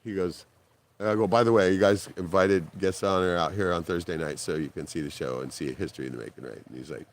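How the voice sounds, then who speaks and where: A man hosting a live stream, telling a story in casual talk, swearing and laughing often as he quotes other people. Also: quick pace. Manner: animated, jumps in pitch when quoting and laughing. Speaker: livestream host.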